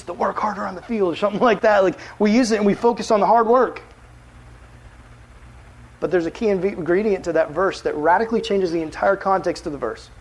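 A man preaching a casual, animated sermon as a youth pastor, full of filler words. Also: sits high, slightly rough, poor audio.

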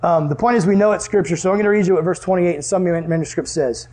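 A young man teaching a Bible lesson to a group, animated and asking the class questions. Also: high voice, quick pace.

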